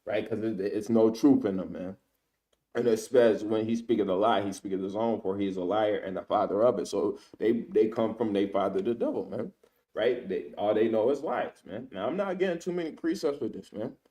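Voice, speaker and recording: A man's voice: fairly low pitch, a little fast, warm tone. A man giving casual spoken commentary as a ministry speaker, who weaves in scripture quotes and keeps tagging his sentences with "man" and "right?".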